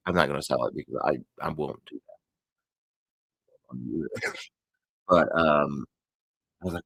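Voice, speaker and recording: A man's voice: low voice, a little fast, creaky, long pauses, no room sound, low-quality recording. A man with a Texan accent hosting a crochet channel, chatting casually and rambling, often correcting himself mid-sentence. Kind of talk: casual chat to viewers.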